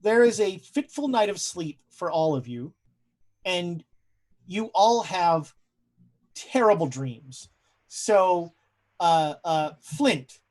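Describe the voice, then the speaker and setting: In a high, animated voice with a darkish tone, a young game master spins eerie dream scenes for a tabletop horror game. His narration is full of dramatic pauses and hesitant fillers.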